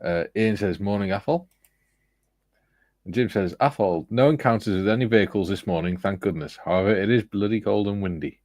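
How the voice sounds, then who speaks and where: Man, livestream host, reads chat aloud, low pitch, dry close sound. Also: a little fast, darkish tone, dry recording. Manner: reads viewer comments aloud, chuckling. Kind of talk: casual chat.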